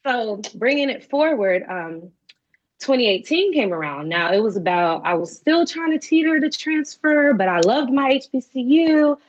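A young woman in her twenties, an interview guest telling her story in an animated way and acting out the voices of others. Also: high-pitched, moderate pace. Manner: animated, acts out quoted voices. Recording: dull lo-fi recording.

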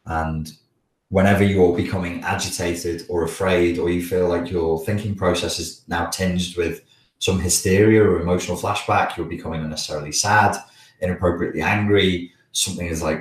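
A man's voice: deep voice, fairly even intonation, brisk, echoey room, far from the mic, poor audio. A man from the Wirral with a Scouse accent and a blocked nose from a cold, hosting a casual live question-and-answer chat, hesitant with many restarts. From the Wirral, England. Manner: hesitant, many restarts, chuckles while talking.

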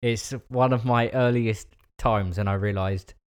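A man's voice: fairly low pitch, steady tone, measured pace, smooth. A young man co-hosting a podcast, teasing his friends and laughing as he tells a story. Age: young adult. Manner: teasing, laughs while telling stories. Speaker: podcast co-host. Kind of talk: casual banter, storytelling.

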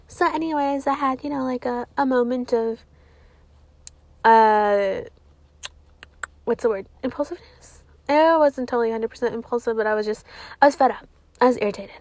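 A woman's voice: fairly high pitch, normal speed, pauses often, a little mellow, no room sound. A young woman vlogging, rambling through a confessional story with plenty of swearing and "like". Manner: rambling, profane, heavy use of "like".

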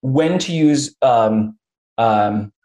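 A man hosting a casual interview who tells stories with energy. He slips into other people's voices as he retells what they said, with quick restarts and plenty of "you know.". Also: mid-range voice. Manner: animated storyteller, acts out quotes. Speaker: podcast host.

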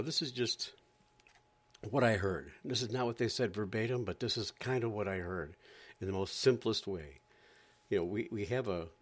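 A man from Florida doing a sarcastic, exasperated stand-up rant. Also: fairly low pitch. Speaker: comedian.

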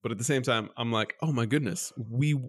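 A man co-hosting a podcast, telling a story in casual chat and jumping up in pitch when he acts out his exasperation. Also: fairly quick. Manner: animated storyteller, jumps high when mimicking exasperation. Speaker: podcast co-host.

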